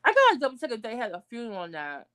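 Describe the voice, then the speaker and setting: Outspoken, high-pitched woman venting. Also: racing. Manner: blunt, outraged and profane; animated, with sudden high outbursts. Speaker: vlogger. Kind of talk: casual livestream commentary.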